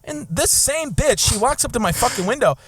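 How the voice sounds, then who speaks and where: Animated, high-voiced podcast host. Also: male voice, brisk, slight background noise. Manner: crude, animated, mimics others mid-story. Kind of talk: casual podcast storytelling.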